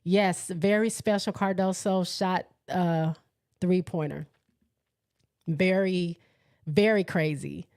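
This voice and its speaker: A woman's voice: fairly low pitch, takes it slowly, long pauses, clear, resonant tone. A woman hosting a casual live sports chat, reading out viewer comments and laughing often as she talks. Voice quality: laughs often, excitable and chatty. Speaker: host of a live sports show.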